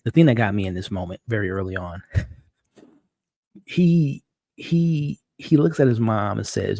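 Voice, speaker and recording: A man with a somewhat low voice hosts a live-stream recap of a TV episode. He talks excitably, often repeating words as he restarts his sentences. The sound is dry and close, with no room echo. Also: measured pace, creaky, pauses often. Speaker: show host. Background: dog.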